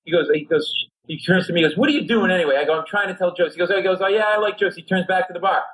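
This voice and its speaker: A man's voice: high voice, very fast, slight background noise, low-quality recording. A middle-aged man from Rhode Island, a comedian guest telling a long story on a talk show and acting out the people in it. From Rhode Island, USA. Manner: lively anecdote teller who acts out other people's voices.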